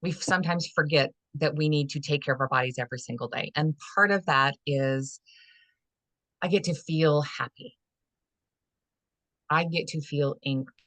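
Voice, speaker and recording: Low-voiced earnest woman coach, rambling. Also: normal speed, pauses often, fairly bright tone, dry recording. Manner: rambling and earnest, many "you know" fillers, acts out inner dialogue. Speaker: holistic fitness and life coach, guest. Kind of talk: conversational podcast interview.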